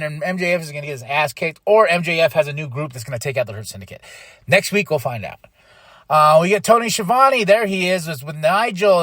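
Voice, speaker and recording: A man hosting a podcast, recapping wrestling in casual talk and acting out quoted lines in quick mock voices. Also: a little high, fairly bright tone, no room sound, clean studio sound. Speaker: podcast host.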